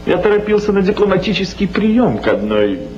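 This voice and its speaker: A man's voice: high voice, very animated, a little fast, darkish tone, dull audio. An actor playing a sly, chatty male devil who complains of rheumatism, in 1960s film dialogue from an old soundtrack with a hum.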